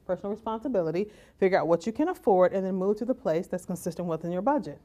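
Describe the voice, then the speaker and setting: A woman giving a lively conference talk as keynote speaker, often asking "right?" and acting out the voices she quotes. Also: mid-range voice, very fast. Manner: animated, acts out quoted voices, rhetorical "right?".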